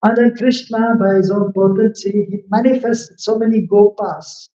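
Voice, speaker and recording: A man's voice: high-pitched, normal speed. A man giving a devotional scripture lecture, telling stories and acting out the lines of the figures in them. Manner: animated storyteller acting out quoted lines. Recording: echoey room, dull lo-fi sound.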